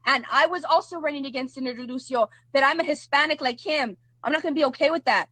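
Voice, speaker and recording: Woman, livestream host, high voice, dry sound; combative, mocking, says things twice. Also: fast, a bit bright, no room sound. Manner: combative, mocking, repeats herself. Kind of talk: heated livestream commentary.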